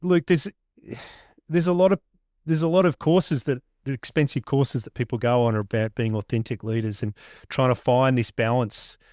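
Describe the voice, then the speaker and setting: Male host, 50s, conversational and thoughtful, medium pitch, dry recording. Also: steady tone, normal speed, a little mellow, no room sound. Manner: conversational, thoughtful, long-winded questions. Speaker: podcast host. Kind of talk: interview questions.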